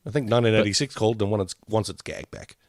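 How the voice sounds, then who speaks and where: A man's voice: fairly low pitch, very fast, no room sound, studio quality. A man co-hosting a podcast who rambles in a jokey way and keeps correcting himself. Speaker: podcast co-host. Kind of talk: casual review chat.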